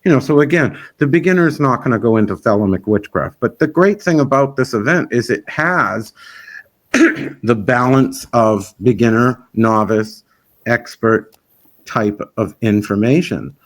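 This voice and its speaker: A man's voice: medium pitch, animated, measured pace. A man who organizes a festival, chatting in an interview in a rambling, frank and opinionated way. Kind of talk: casual interview chat.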